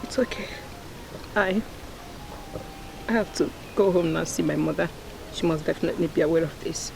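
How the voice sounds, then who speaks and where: A woman's voice: deep voice, normal speed, vocal fry, background noise. An actress with a Nigerian English accent playing a crying young woman who was raised by an abusive father. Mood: shaken. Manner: distressed, pleading. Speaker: daughter.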